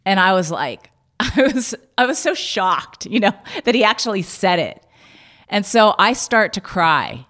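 A woman telling a personal story in a candid, halting way, with many restarts. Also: mid-range voice, sing-song, a bit bright.

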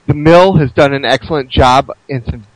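A man co-hosting a casual podcast over a call, halting and admiring as he talks. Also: medium pitch, no echo, rough recording. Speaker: podcast co-host.

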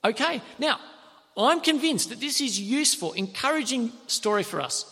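A man preaches in a lively, animated storytelling style and briefly acts out the characters' lines. His voice sits high and bright. The sound rings with the long reverb of a large hall. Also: normal speed, vocal fry, breathy edge. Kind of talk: sermon.

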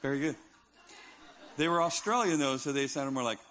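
A man's voice: mid-range voice, normal speed, a bit bright, a little hiss or hum. A male pastor preaching a sermon in a conversational, emphatic style with touches of humor.

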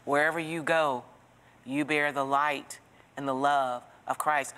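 A woman teaching a Bible study, telling stories in an expressive, preacherly way and asking the listener direct questions. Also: low voice, unhurried, clear, resonant tone, big-room sound.

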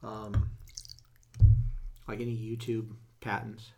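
A man's voice: fairly low pitch, monotone, slow, heavy background noise. A man co-hosting a podcast in casual chat, talking in loose starts and stops and laughing easily. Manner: chatty, many restarts and fillers, laughs easily. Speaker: podcast co-host.

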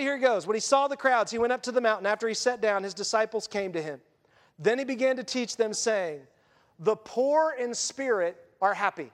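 A man delivering a sermon with a high, light voice. He preaches in a lively, conversational way and drops into quick voiced asides. A long reverb trails after his words in a reverberant church hall. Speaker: pastor.

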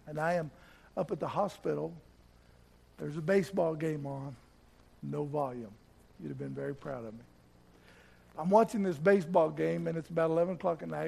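A gravelly-voiced middle-aged man, his pitch a little high, preaches in church and recounts a personal story. He repeats words often and softens and slows when the story turns tender.

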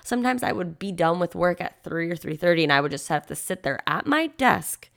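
A young woman hosting a podcast, candidly retelling a personal story in an animated way, with quoted asides and lots of "like". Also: lowish voice, brisk, creaky. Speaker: podcast host.

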